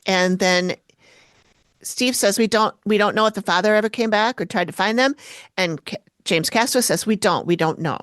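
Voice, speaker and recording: A woman's voice: medium pitch, normal speed, fairly bright tone, dry recording. A woman co-hosting a podcast, recapping an episode in casual chat, swearing freely and adding dry asides. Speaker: podcast co-host.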